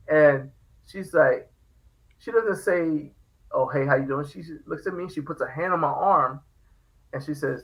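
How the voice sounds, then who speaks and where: A man's voice: on the high side, unhurried, long pauses, rough recording. A man hosting a podcast, telling a story in casual chat and acting out the quoted lines. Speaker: podcast host.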